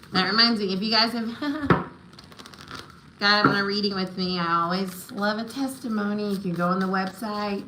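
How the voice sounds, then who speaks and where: A woman's voice: mid-range voice, echoey room, noisy background. A woman giving live tarot and oracle readings, affirming and encouraging, often checking in with "right?" and "okay?". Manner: emotional, spiritual encouragement. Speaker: tarot reader.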